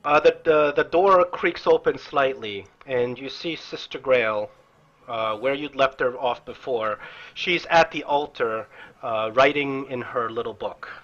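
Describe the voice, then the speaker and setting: A male game master with a bright, forceful voice, narrating a tabletop game in halting phrases full of restarts. The recording is dull and lo-fi. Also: mid-range voice, faint music behind.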